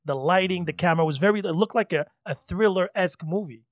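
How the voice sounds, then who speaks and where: A man hosting a casual chat, telling animated stories and laughing often. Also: high voice, fast, dry recording, studio quality.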